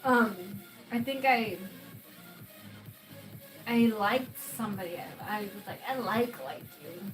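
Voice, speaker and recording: A young woman with a fairly high voice chats casually on a home livestream. She tells stories in an animated, giggly way, laughing often, with faint music playing behind her. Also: slow, low-quality recording. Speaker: livestream co-host. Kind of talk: casual chat.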